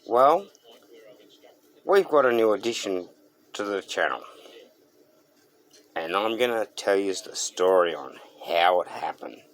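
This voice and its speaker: A deep, gravelly Australian man spins a yarn for his car channel. He talks slowly and laid-back, full of slang, and acts out what others said. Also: animated. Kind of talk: storytelling to camera.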